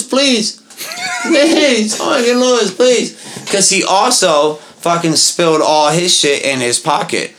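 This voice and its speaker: Profane young man telling a rowdy story. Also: mid-range voice. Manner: profane, animated storyteller acting out others' pleading voices. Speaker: podcast co-host. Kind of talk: casual storytelling chat.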